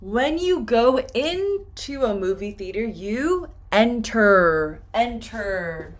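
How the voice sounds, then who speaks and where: A woman teaching English pronunciation, repeating each word slowly and clearly for her students. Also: a little high, very animated. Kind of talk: slow, deliberate pronunciation lesson.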